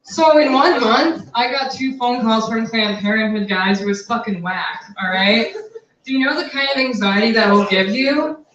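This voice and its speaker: A woman's voice: on the high side, normal speed, a bit bright, slight background noise. A woman in her twenties doing a crude, brash stand-up set on a bar stage. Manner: brash, crude, conversational punchlines. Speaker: stand-up comic. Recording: roomy, distant, dull, crowd laughter.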